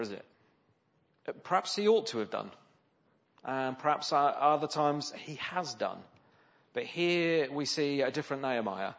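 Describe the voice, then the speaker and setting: A man's voice: medium pitch, a bit bright. Conversational man preaching a sermon. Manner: conversational, with rhetorical questions. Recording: slightly dull, lo-fi sound.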